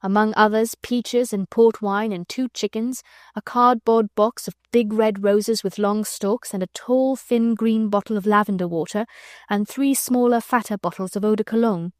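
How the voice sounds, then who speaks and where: Lady reading a kids' classic out loud, gentle storybook tone, dead dry sound. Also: mid-range voice, fairly even intonation, moderate pace, no room sound. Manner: gentle storytelling, voicing children and adults lightly. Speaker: audiobook narrator. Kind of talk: scripted narration.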